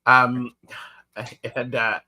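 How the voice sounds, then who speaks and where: A man's voice: medium pitch, level tone, extremely slow, pushed and bright. A man co-hosting a live tarot show, chatting casually and reading out viewer comments. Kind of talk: casual chat on a live stream.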